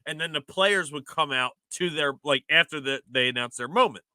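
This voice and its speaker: A man's voice: on the high side, normal speed, pushed and bright, smooth, no echo. A man co-hosting a sports podcast, talking in a passionate, rambling casual way with lots of "like". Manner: passionate, rambling, heavy use of "like". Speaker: podcast co-host.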